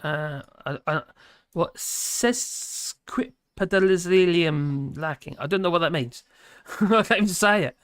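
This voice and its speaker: A man's voice: fairly high pitch, moderate pace, few pauses, a bit bright, dry recording, clean studio sound. A man with a Norfolk accent hosting a casual livestream, reading chat and rambling with lots of fillers and self-deprecating chuckles. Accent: Norfolk English. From England. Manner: rambling, hesitant, filler-heavy. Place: home in rural France.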